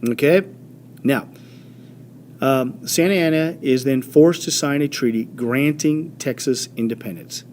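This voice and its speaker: Man lecturing on history, animated storyteller, mid-pitched voice, faint background hum. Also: unhurried. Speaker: history teacher.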